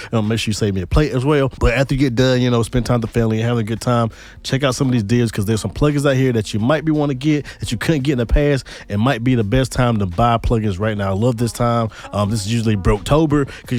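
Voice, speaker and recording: Fast-talking hoarse man, casual vlog. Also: medium pitch. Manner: laid-back, slangy, excited about deals. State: hoarse, recovering from illness. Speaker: music production YouTuber.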